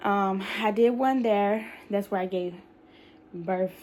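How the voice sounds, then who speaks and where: A woman's voice: medium pitch, takes it slowly, darkish tone, a little hiss or hum. Breathless young woman vlogging. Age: young adult. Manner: rambling, many fillers, colloquial speech. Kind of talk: casual talk to camera.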